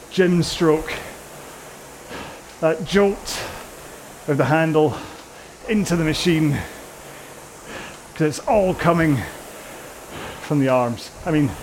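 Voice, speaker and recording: A man's voice: fairly high pitch, darkish tone, slight background noise. A British man coaching a rowing workout, talking casually and rambling in a self-mocking way. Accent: British English. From Britain. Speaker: rowing instructor. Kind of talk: casual talk over a row-along workout.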